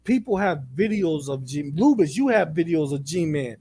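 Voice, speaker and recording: A man with a high voice talking in casual chat, blunt and profane. He gets animated and acts out other people's lines in a mocking tone. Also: normal speed, a little hiss or hum. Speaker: co-host.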